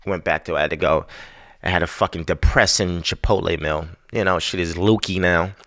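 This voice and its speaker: A man's voice: low voice, steady tone, a little fast, a bit bright. A man hosting a podcast, telling a story in a casual, profane, exasperated rant. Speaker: podcast host.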